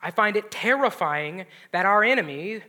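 High, bright-voiced male preacher. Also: animated, moderate pace. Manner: dynamic, swings from loud emphasis to hushed near-whispers. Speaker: pastor. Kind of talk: sermon.

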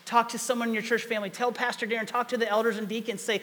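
Animated high-voiced male preacher. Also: quick pace, hardly any pauses. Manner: animated storytelling, emphatic. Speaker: pastor. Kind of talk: sermon.

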